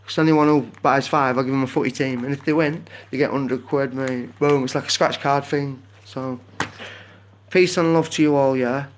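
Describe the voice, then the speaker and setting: A man's voice: mid-range voice, steady tone, normal speed, a little hiss or hum. A man chatting casually on a phone live stream, rambling and drifting off onto tangents. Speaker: livestreamer.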